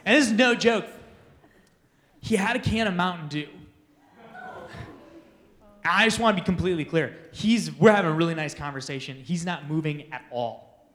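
A man speaking at a youth conference in a notably high-pitched voice. He tells self-deprecating stories with lots of energy and laughs through the funny parts. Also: fairly bright tone, big-room sound. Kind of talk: storytelling talk to teens.

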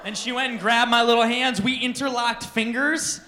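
A man telling a comic personal story to an audience, animated and self-deprecating, acting out the dialogue. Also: extremely high pitch, moderate pace, reverberant, a little hiss or hum. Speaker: speaker addressing an audience.

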